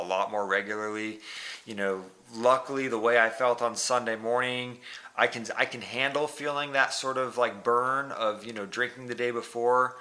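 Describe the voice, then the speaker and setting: A man's voice: mid-range voice, pushed and bright. A man casually recapping his week of triathlon training in a rambling vlog style, full of fillers and self-corrections. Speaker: vlogger.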